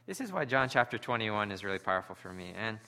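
A man's voice: fairly low pitch, sing-song, fast talker, bright, forceful tone. A man preaching a sermon in an earnest, conversational way.

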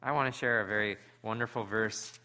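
A man's voice: lowish voice, steady tone, fairly quick, sharp tone, smooth. A man preaching a sermon in an earnest, conversational way.

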